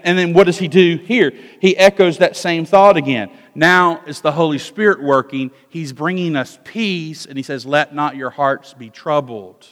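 A man playing a pastor giving an expository sermon, slightly high voice, long church reverb. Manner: expository preaching, shifts from loud emphasis to hushed asides.

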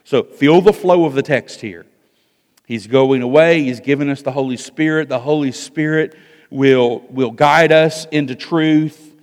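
A male pastor preaching an expository sermon, moving between loud emphasis and hushed asides. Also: medium pitch, unhurried. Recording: long hall reverb.

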